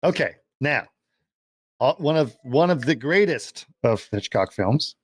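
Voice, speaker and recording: A man co-hosting a podcast, chatting casually about old films and pausing often with fillers. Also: medium pitch, expressive, husky, dry recording. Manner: rambling, halting with many fillers. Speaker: podcast co-host. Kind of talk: casual film chat.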